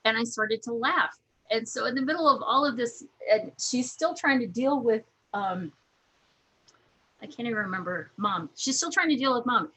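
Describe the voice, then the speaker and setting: Bright husky woman guest, laughs often, casual anecdotes. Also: on the high side, expressive, normal speed, rough recording. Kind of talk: casual storytelling.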